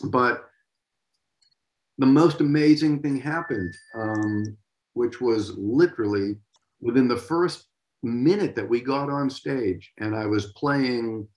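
A man in his sixties from Massachusetts, a drummer telling stories as an interview guest in an animated, lively way. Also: medium pitch, slow, roomy sound, poor audio. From Massachusetts, USA. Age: 60s. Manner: animated storyteller, vocalizes drum beats. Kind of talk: casual interview storytelling.

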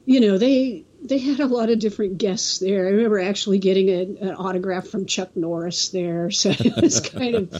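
A woman from California's Central Coast, a guest telling a story in a casual, halting way, often restarting and acting out the quotes. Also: medium pitch, warm tone, dull audio. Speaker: interview guest.

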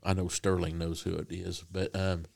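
A man preaching a sermon in a conversational, halting way with frequent restarts. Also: deep voice, level tone, creaky, darkish tone.

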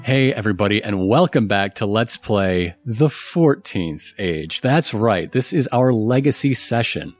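A man hosts a tabletop game and describes the scene slowly in a lowish voice, pausing often with fillers. Faint music plays underneath. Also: lively intonation. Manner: unhurried, filler-heavy scene-setting. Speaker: game master and host.

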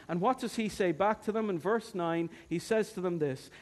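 Casting: male preacher, high-pitched, storytelling sermon. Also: brisk, few pauses. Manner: storytelling, acting out voices.

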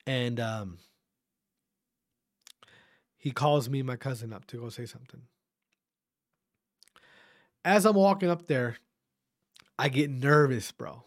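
Profane, animated male podcast host. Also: on the high side, moderate pace, long pauses, no room sound, studio quality. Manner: profane, animated, self-interrupting. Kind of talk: casual storytelling monologue.

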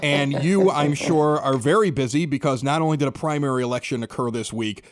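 A man hosting a podcast, telling stories in an excitable, animated way and acting out both sides of conversations. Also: mid-range voice, brisk. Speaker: podcast host. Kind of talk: casual storytelling chat.

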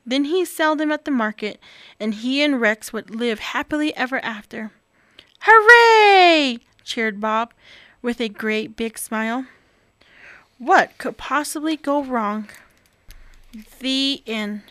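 A woman reading a children's picture book aloud with expressive, animated delivery. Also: fairly high pitch, unhurried, dry recording, studio quality. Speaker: storyteller.

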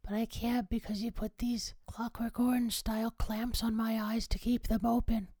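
A woman's voice: fairly high pitch, level tone, normal speed, mellow, no echo. A woman co-hosting a comedic radio show, answering with dry, literal-minded comebacks. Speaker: co-host.

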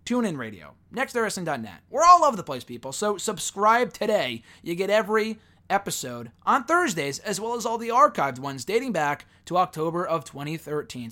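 An upbeat American man hosting a podcast in a chatty, energetic manner. His voice sits fairly high and swings lively up and down. He sounds casual and eager. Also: moderate pace, few pauses. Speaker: podcast host. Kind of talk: casual podcast intro and interview.

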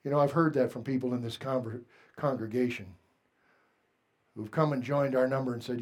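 A man preaching a sermon as pastor, earnest and plain-spoken, moving between hushed confession and loud exhortation. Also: medium pitch, fairly even intonation, fairly quick, pauses often.

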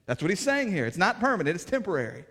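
A man preaching a sermon as pastor, in plainspoken, folksy words, swinging between fervent raised passages and hushed, quiet stretches. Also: sits high, big pitch swings, quick pace. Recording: reverberant hall.

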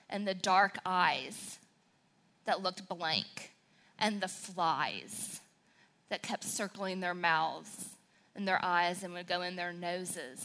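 A woman from southern Wisconsin, a pastor's wife, giving a sermon with a southern Wisconsin accent in a sassy, excitable, emotional way. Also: mid-range voice. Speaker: pastor's wife speaking at church.

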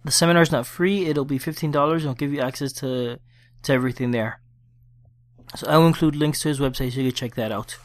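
A man hosting a solo gaming podcast, chatting casually and then reading a war story aloud in his own plain voice. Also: medium pitch. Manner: conversational, quick restarts, reads report plainly without accents. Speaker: podcast host. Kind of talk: casual podcast talk and read-aloud session report.

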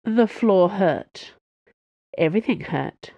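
A woman narrating a science fiction novel in an expressive storytelling voice with dry wit. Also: medium pitch, takes it slowly, dry recording.

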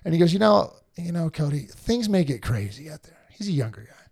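A man's voice: fairly high pitch, a little fast, gravelly, crowd noise. A man co-hosting a casual spiritual chat, telling stories with animation and acting out the voices of other people. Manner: animated storytelling, acts out voices. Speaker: podcast co-host.

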